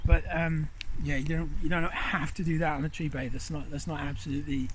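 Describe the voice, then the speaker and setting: A middle-aged man filming himself in a rainy forest by a river, guiding viewers in a gentle, rambling, enthusiastic way. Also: a little high, little pitch movement, brisk, background noise. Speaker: nature guide. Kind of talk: outdoor vlog instruction. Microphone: handheld camera.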